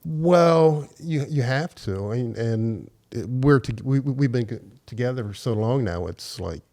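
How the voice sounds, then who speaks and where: A man's voice: mid-range voice, lively intonation, a little slow, a little mellow. A man speaking as a podcast guest in casual conversation, hesitant with many fillers.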